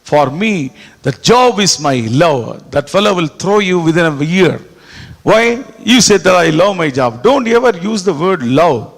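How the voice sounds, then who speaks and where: Gravelly preacher in an echoing hall. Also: male voice, high voice, measured pace. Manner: animated, repetitive preaching with sudden quiet drops. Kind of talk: sermon. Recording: echoey hall with long reverb.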